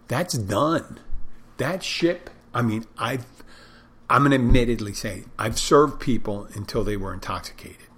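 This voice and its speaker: A man with a husky, slightly breathy voice tells stories in an easy, conversational way. His pitch sits right in the middle of the range. He works as a server and bartender, and he acts out how he greets customers. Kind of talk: casual storytelling monologue.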